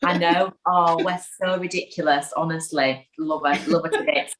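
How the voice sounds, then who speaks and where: A woman's voice: low-pitched, normal speed, poor audio. A woman, a guest in an interview, chatting casually and acting out quotes as she tells an anecdote. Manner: chatty, animated storyteller who acts out quotes. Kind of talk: casual chat.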